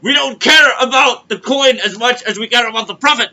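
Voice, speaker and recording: A man with a strikingly high, bright voice and a gravelly rasp underneath. He hosts a comedic crypto monologue and rambles through complaints in a kvetching way. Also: a little fast. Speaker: podcast host.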